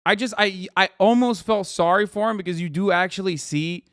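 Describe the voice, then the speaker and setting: Man in his thirties, higher voice, dry close sound, mocking streamer banter. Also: fairly quick, dry recording. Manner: profane, mocking, animated. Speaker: streamer reacting to a video. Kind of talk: casual commentary.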